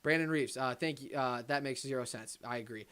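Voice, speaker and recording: A young man hosting a live watch-party stream, reading chat aloud and ranting, swinging between loud outbursts and low muttered asides. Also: a little fast, clear, resonant tone. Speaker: livestream host.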